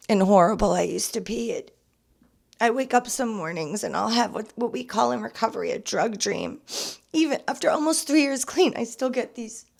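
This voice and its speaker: A young woman hosting a podcast, speaking candidly and earnestly about her own past, turning soft and emotional at moments and emphatic at others. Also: mid-range voice, creaky. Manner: earnest and confessional, swinging between soft and emphatic. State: emotional, near tears at times. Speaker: podcast host. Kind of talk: casual personal testimony.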